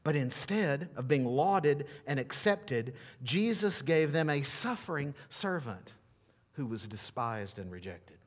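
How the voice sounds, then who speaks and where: A man pastor preaching a sermon and leading a closing prayer, emphatic, swinging from loud declarations to hushed lines. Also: a little high, expressive, takes it slowly.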